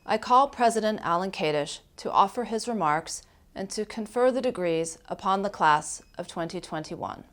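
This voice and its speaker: A woman's voice: medium pitch, lively intonation, normal speed. A woman presenting a ceremony, making a brief, formal introduction of the next speaker. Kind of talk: formal announcement.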